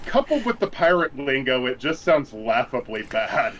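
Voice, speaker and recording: A man's voice: medium pitch, big pitch swings, normal speed, fairly bright tone, a little hiss or hum, low-quality recording. A man co-hosting a casual anime podcast, exasperated about dub edits, with lots of "you know" restarts. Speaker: podcast co-host.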